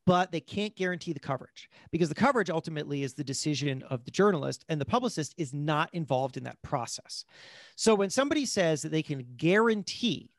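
A man with a fairly high voice talks through a podcast interview, animated and chatty, often restarting his sentences. The recording is close and dry, with no room sound. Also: no echo. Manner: animated storyteller, fast asides, frequent restarts. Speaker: guest, magazine editor-in-chief. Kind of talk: casual interview talk.

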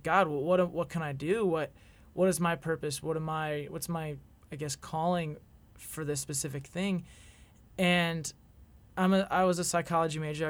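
A man in his twenties, a podcast guest, telling a personal story in an earnest, reflective way with halting restarts. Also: on the high side.

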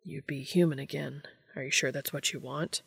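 A woman's voice: deep voice, steady tone, moderate pace, vocal fry, husky, no echo, pitched below the performer's own voice, exaggerated voice. A woman reading as a weary, wisecracking man. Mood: wry.

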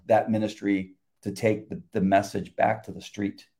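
An older man, a retired police officer, talking about faith in a halting, reflective way with many restarts. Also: on the low side, level tone, mellow. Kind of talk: casual faith conversation.

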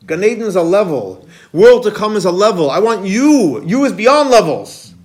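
A man teaching a Kabbalah class as a rabbi, animated, quizzing students and repeating key points. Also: high-pitched, normal speed. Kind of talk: classroom lecture.

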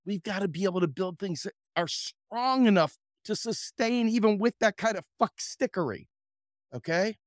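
A man hosting a podcast, ranting about politics in a profane, sarcastic, impassioned way, swinging from loud outbursts to low mutters. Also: normal speed, dry recording, studio quality. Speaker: podcast host. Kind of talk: political commentary rant.

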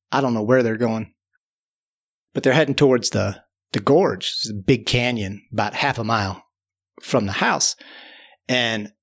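Creaky-voiced man spinning a rambling yarn. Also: medium pitch. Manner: rambling, repeats words and fills with "you know". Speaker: storyteller. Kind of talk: casual spoken tall tale.

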